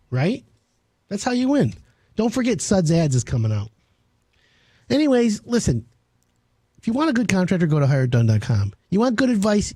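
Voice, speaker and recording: Male radio host, high husky voice, brash sales patter, dry close mic. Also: dark tone, no room sound. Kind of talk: home improvement radio talk.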